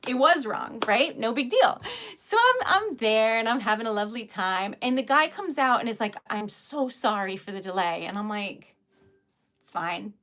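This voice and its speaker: A woman's voice: fairly high pitch, expressive, normal speed, a bit bright. Giggly chatty woman crafting live. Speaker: craft livestream host. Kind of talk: casual chat while crafting. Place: home craft table.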